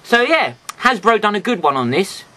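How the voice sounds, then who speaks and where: A man talks through a toy review in a loose, chatty way, full of jokey asides. His voice is bright and a little raised in pitch, swinging up and down a lot. A stuffy nose gives it a slightly nasal edge. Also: sing-song, normal speed.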